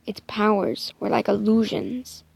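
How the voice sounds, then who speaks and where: A woman narrating a made-up first-person story in a soft, hesitant way. Her voice has a gravelly fry and she speaks slowly. She often dips into a near-whisper and corrects herself mid-line. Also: medium pitch, very animated.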